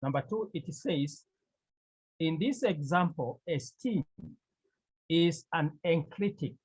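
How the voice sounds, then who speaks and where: A man's voice: a little high, animated, slow, a little mellow, husky, low-quality recording. A man teaching a Greek grammar lesson to a class, repeating key phrases and asking the students questions.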